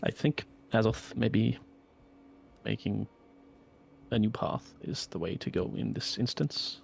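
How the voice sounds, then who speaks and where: A man with a deeply gravelly voice plays his character in a formal, measured way. His pitch sits a little low. A faint noise sits under the recording. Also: darkish tone. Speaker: player. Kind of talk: in-character role-play.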